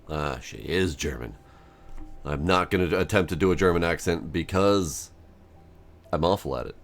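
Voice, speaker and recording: Very deep-voiced man streaming a game. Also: moderate pace, faint music behind. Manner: chatty, self-mocking, reads game text aloud. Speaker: gameplay streamer. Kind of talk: casual let's-play commentary.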